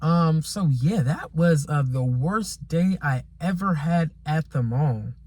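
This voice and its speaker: A man's voice: a little high, animated, slow, darkish tone. Rambling young man telling a storytime. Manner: repetitive, rambling, exasperated; casual slang. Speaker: vlogger. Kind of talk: casual storytime monologue.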